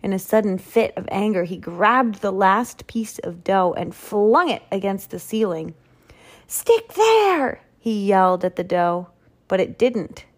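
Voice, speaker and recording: A woman reading a picture book aloud in a slow, expressive storytelling manner. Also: mid-range voice.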